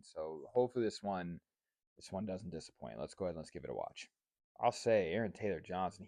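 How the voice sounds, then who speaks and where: A man's voice: lowish voice, darkish tone, no room sound. A young man hosting a casual vlog, reviewing a movie and a cocktail with candid, sarcastic asides and frequent swearing. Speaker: host.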